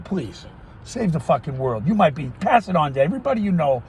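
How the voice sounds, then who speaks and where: A middle-aged man ranting in a profane, erratic monologue, often yelling and cursing. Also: a little high, very animated, brisk, slight background noise. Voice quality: yelling, foul-mouthed, erratic. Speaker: vlogger.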